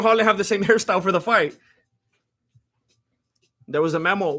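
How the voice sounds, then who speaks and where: A man's voice: high voice, moderate pace, pauses often, pushed and bright, slight background noise. A young man hosting a live stream, giving casual fight commentary in a rambling, joking way that often stops and restarts mid-sentence. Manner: rambling, joking, self-interrupting.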